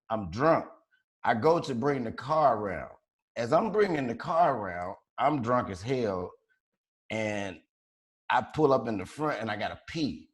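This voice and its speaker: A man from Chicago telling a wild story on a podcast in a loose, profane, slangy way, laughing as he goes. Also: fairly low pitch. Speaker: podcast co-host. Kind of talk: casual storytelling.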